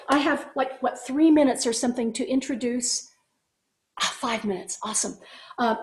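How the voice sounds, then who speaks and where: Animated woman teaching a music class. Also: a little high, echoey room. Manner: animated, conversational explaining with frequent "right?". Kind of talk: online class lecture. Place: at home.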